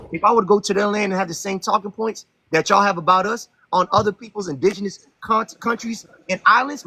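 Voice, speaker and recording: Loud, raspy, high-voiced man ranting. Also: dry recording, low-quality recording. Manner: aggressive, interrupting, loud rants. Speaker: host. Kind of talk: heated debate on a live stream.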